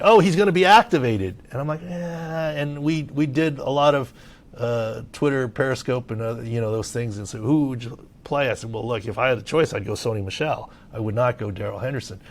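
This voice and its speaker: A middle-aged man from Southern California, talking casually as a sports medicine analyst on a podcast, animated and full of filler words. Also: mid-range voice, brisk.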